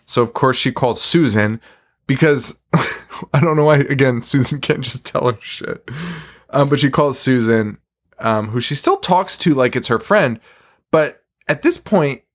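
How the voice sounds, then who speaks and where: A man's voice: medium pitch, expressive, measured pace. A man hosting a podcast, chatting casually, swearing freely and laughing often as he recaps. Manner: laughs often, profane, wry. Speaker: podcast host. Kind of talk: casual chat.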